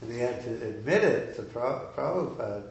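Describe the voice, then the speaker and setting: A man telling a story informally at a devotional gathering, with many halting restarts and fillers. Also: medium pitch, animated, vocal fry, slight background noise. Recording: echoey room, far from the mic, dull sound.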